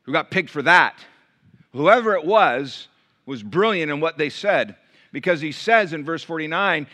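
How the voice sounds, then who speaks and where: A man preaching a sermon to his church, dynamic and emphatic, dropping to hushed tones and acting out voices in the story. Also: fairly high pitch, animated. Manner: dynamic preaching, swinging from loud emphatic lines to hushed intimate ones; acts out crowd voices in quick asides. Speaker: pastor.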